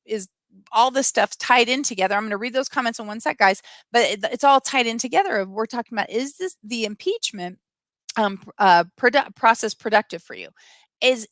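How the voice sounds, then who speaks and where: A middle-aged woman hosts a casual live stream and reads out comments from viewers. Her voice sits a little high and sounds bright and forceful, and her delivery is emphatic and opinionated. The recording is dry, with almost no room sound. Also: dry recording.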